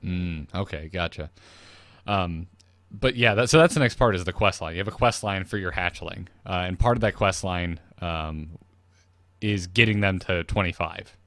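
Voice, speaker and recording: Male co-host, low voice, dry joker, very dry sound. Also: moderate pace, a bit bright, no room sound. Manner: dry, joking, rattles off facts. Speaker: podcast co-host. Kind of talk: casual gaming podcast chat.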